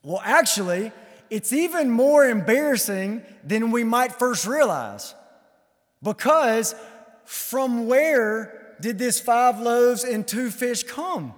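A man's voice: very high voice, expressive, slow pace, long reverb tail. A man preaching a sermon, emphatic, repeating key phrases and asking rhetorical questions. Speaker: pastor.

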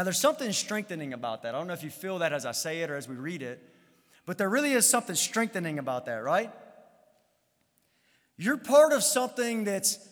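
A man's voice: high-pitched, a bit bright, in a large hall. A man preaching a sermon as pastor, emphatic, repeating key phrases with some stammered restarts.

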